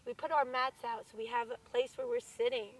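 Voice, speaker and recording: Hoarse high-voiced woman teaching kids yoga. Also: steady tone, brisk, far from the mic, slight background noise, low-quality recording. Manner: encouraging, leads by example, asks the children questions. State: losing her voice, hoarse. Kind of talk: guided kids yoga class. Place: outdoors in a large city park.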